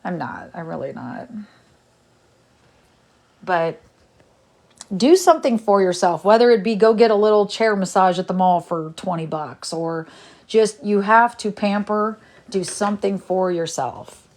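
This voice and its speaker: A woman's voice: mid-range voice, expressive, a little slow, pauses often, a little mellow. A middle-aged woman chatting casually on a livestream, rambling and exasperated as she talks to viewers. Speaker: livestream host.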